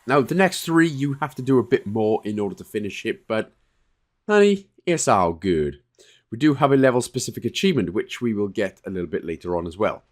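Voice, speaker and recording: A relaxed man in the middle of a casual game walkthrough, talking through each step at an easy pace. His pitch rises and falls a lot as he explains, and he often pauses with fillers or corrects himself mid-sentence. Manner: relaxed, chatty, with frequent fillers and self-corrections. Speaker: game guide creator.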